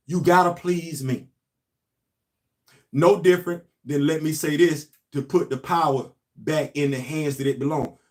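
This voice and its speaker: An emphatic male commentator, hammering points home through repetition. His voice sits a bit high for a man. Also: darkish tone. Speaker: host. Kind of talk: casual commentary monologue.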